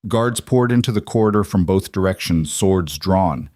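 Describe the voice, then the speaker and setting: A man narrating a fantasy romance audiobook in a steady storytelling way. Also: low voice, normal speed, no room sound, studio quality.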